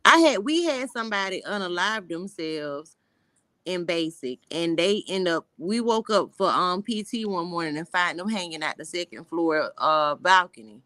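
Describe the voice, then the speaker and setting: A woman's voice: fairly low pitch, lively intonation, normal speed, fairly bright tone, no echo, clean studio sound. A woman from Florida chatting casually on a live stream, blunt and joking in a laid-back way.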